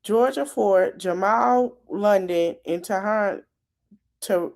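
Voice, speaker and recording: A woman's voice: medium pitch, slow pace, gravelly, darkish tone. A woman chiming in on a casual livestream, giving blunt, skeptical commentary. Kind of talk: casual chat.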